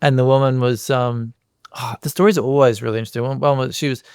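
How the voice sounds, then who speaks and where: A middle-aged man with a New Zealand accent, a guest on a podcast, telling relaxed anecdotes and acting out the voices in them. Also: medium pitch, fast, clean tone, dry recording, clean studio sound. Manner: relaxed anecdotes, acts out voices and hums lines. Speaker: guest musician and comedian. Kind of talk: casual podcast chat, storytelling.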